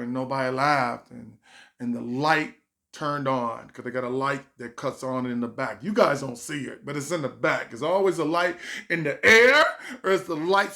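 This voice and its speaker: A man telling a personal story as a stand-up comedian, animated and acting out the voices of the people in it. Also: mid-range voice, creaky. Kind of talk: storytime monologue.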